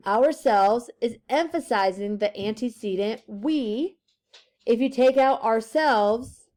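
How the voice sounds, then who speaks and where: Woman teacher going thru a grammar worksheet, slow and careful, kinda high voice. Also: dark tone. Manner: slow, deliberate, stresses key words. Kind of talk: classroom grammar lesson.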